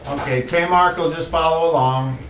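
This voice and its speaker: Casual, profane game master. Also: male voice, on the high side, normal speed, a bit bright, a little hiss or hum. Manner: casual, profane, rambling with fillers. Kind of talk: narrating a tabletop game. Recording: roomy distant mic, faint ambience.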